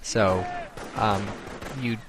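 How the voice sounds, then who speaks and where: A man's voice: on the low side, fairly even intonation, extremely slow, noisy background. A man giving casual, rambling commentary on a strategy game, explaining tactics with many ums.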